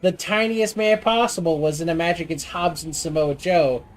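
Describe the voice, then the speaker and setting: A woman's voice: fairly low pitch, moderate pace. A woman streaming a game, chatting casually, swearing and teasing with jokes. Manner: profane, teasing, jokey. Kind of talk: casual gaming stream chat.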